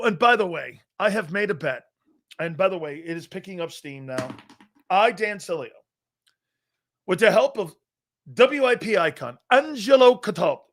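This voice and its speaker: A middle-aged man hosting a live sports talk show, ranting loudly and profanely about football. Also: high voice. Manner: loud, profane and animated, mocking others in put-on voices. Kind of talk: unscripted sports rant.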